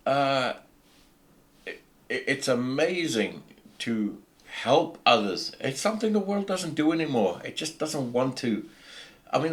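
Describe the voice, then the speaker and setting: Passionate South African man, lively delivery. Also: mid-range voice. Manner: passionate, preachy, with many restarts. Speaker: podcast host. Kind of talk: casual podcast rant. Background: faint background music.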